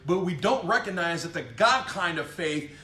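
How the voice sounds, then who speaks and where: A man's voice: high voice, expressive, normal speed, pushed and bright. A man preaching a fiery, emphatic sermon, repeating phrases and calling out "come on" as he builds his points. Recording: echoey room with faint music behind.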